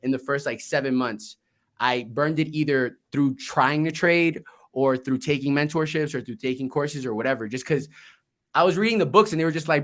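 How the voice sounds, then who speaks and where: A young man and Marine veteran, a guest telling his life story in a casual, candid, energetic way, swearing freely. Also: on the high side, normal speed. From Colombia, raised in Florida. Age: young adult.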